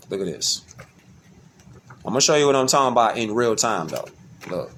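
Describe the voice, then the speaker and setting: A man's voice: medium pitch, a bit bright, slight background noise. A man giving a casual, slangy streetwise monologue, repeating himself and firing off rhetorical questions. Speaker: online commentator.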